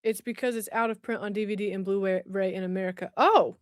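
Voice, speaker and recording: A woman's voice: mid-range voice, steady tone, a little fast, dry recording, clean studio sound. A woman, chatting casually on a livestream and reacting to viewer comments while unboxing. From West Tennessee, US. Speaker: livestream host. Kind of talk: casual live-stream chat.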